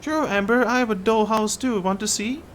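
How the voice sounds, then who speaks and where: A man's voice: high-pitched, normal speed, fairly bright tone, slight background noise, pitched above the performer's own voice. A man voicing a sweet, eager little girl playmate in a video game.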